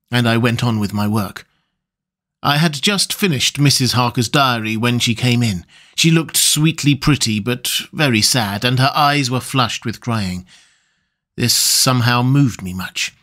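A man narrating an audiobook in a calm, measured reading voice. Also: mid-range voice. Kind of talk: scripted narration.

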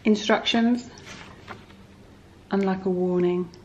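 A woman's voice: medium pitch, steady tone, slow, a little mellow, lo-fi sound. A woman chatting casually in her home kitchen, filming a homely, rambling vlog. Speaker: vlogger. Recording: echoey kitchen, clear background noise.

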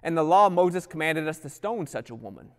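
Man, pastor, sermon, slightly high voice, hushed-to-loud dynamics, long reverb. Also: lively intonation, a little fast.

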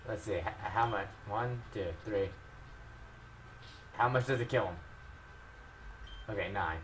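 A young man commentating his own gameplay with heavy swearing, shifting from low mutters to loud outbursts. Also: unhurried, a little hiss or hum. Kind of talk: Let's Play commentary.

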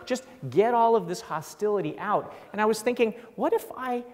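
A man's voice: high-pitched, expressive, moderate pace, a little mellow. A middle-aged man giving a humorous lecture as a professor, wry and self-deprecating, acting out quotes. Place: large lecture hall. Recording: long hall reverb.

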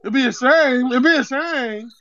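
An irate young customer with a put-on accent, as a man puts him on for a prank call, demanding and threatening in street slang. His voice sits very high. The call sounds muffled and dry. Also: moderate pace, fairly bright tone, no room sound. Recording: muffled phone-call recording.

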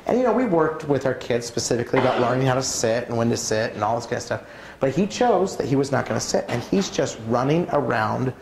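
A man giving a preaching talk at a church conference, telling personal stories in an animated way. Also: fast, creaky, background noise. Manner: animated, swings pitch widely while acting out stories. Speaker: conference speaker. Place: church auditorium. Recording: roomy church hall sound.

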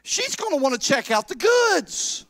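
A man's voice: very high voice, big pitch swings, measured pace, fairly bright tone, no echo, studio quality, pitched above the performer's own voice, exaggerated voice. A preacher doing a laid-back servant guy. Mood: easygoing. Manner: laid-back, slangy, stammering. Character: casual streetwise male servant talking to his boss.

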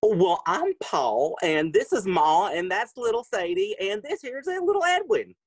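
A folksy farm father from another era, played by a man in a comic stage play. His husky voice drawls in a homespun, lively lilt. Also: high voice, unhurried, full character voice. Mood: friendly.

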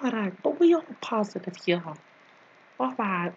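A man's voice: high-pitched, very animated, moderate pace, husky, muffled recording, full character voice. A man doing a put-on voice for a bossy, scolding comic nanny character, rambling and teasing with sudden whispers. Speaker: video creator. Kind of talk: improvised comedy rant in a put-on voice.

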